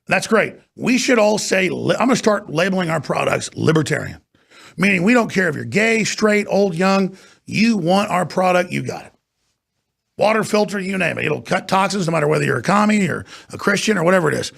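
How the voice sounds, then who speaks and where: A man's voice: high-pitched, expressive, brisk, creaky, a bit bright. A man hosting a talk show, ranting and mocking in an off-air political monologue from a studio.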